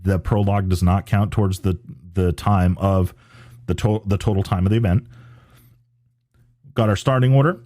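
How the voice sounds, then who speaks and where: A man's voice: fairly low pitch, dark tone, no echo, studio quality. A man hosting a podcast, chatting casually about off-road racing and rambling with many restarts and fillers. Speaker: podcast host.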